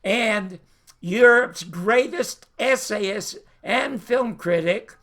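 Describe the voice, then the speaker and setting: An older man hosting his own show, telling a showbiz anecdote in an animated way and acting out the voices. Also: sits high, extremely slow. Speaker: show host. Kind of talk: anecdotal storytelling.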